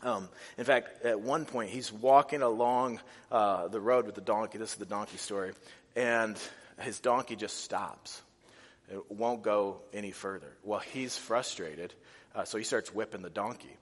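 A man preaching a sermon, animated and casual, with many restarts and fillers. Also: on the low side, moderate pace. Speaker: pastor. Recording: reverberant hall.

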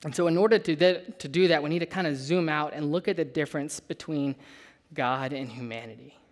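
A young adult man preaching a sermon, telling a personal story in a conversational, animated way with asides to the listeners. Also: fairly high pitch, a little fast.

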